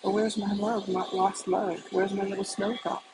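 A reader putting on a dying old suffragette woman, calling out for her lost love in pleading, grieving cries. Her voice is gravelly and sits mid-pitched. The recording is noisy. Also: level tone, normal speed, close to an everyday voice.

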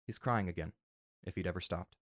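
Low-voiced man reading a story. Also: fairly quick, no room sound, clean studio sound. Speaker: narrator. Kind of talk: fan fiction reading.

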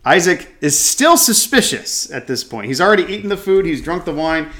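Man, bible teacher, reads verses then comments, bright clear tone, animated. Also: a little high, normal speed. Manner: reads passages aloud then comments with restarts and musing asides. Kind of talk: scripture reading with commentary.

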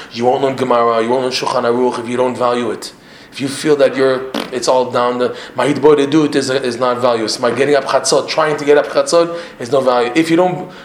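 A man teaching a religious class to his regular students, animated, firing off rhetorical questions and often repeating himself. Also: medium pitch, a little hiss or hum. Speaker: Torah teacher. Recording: echoey room, faint ambience.

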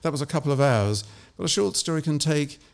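A man, an author, reading his short story and then telling measured anecdotes in an interview. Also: a little high, expressive, vocal fry. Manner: measured and anecdotal, with small restarts.

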